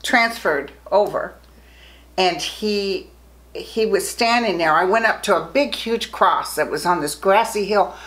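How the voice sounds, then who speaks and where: A woman's voice: mid-range voice, unhurried, rough recording. A woman, a psychic guest, telling a personal story in a casual interview and acting out the quotes as she goes. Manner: animated storyteller, acts out quotes.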